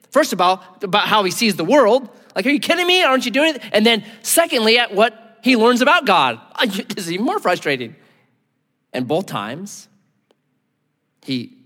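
A male pastor preaching a sermon in a lively manner, acting out the people he quotes. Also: a little high, big-room sound. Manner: animated, acts out voices in quotes.

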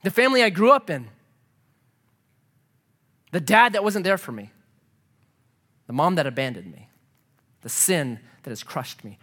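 A man preaching a sermon as pastor, earnest and emphatic, dropping to a soft hush as he prays. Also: on the high side, expressive, unhurried, pauses often. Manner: drops to a soft hush for prayer.

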